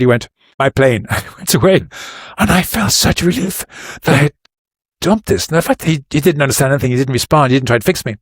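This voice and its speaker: Middle-aged man, podcast guest, earnest and rambling, mid-pitched voice, dry close sound. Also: no room sound. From Ireland. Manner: earnest, rambling with restarts and stories. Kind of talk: casual advice talk.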